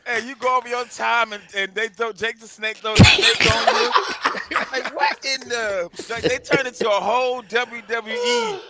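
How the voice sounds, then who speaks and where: A man's voice: extremely high pitch, expressive, normal speed, over a noisy crowd. A man co-hosting a comedy radio show, loosely steering the group's banter with questions. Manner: loose, self-aware, tosses out questions to the group. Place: radio studio.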